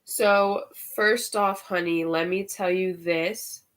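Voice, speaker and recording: A woman's voice: medium pitch, steady tone, slow pace. A woman giving a casual spiritual tarot reading, chatty and candid, swearing and using slang freely, and getting worked up over the cards. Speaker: tarot reader.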